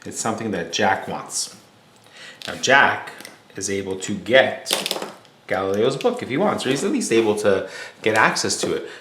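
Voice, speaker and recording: This male teacher, whose voice is on the low side with a fairly bright tone, teaches through a story. His delivery is casual and explanatory, full of fillers and restarts, and the room echoes with a faint hum.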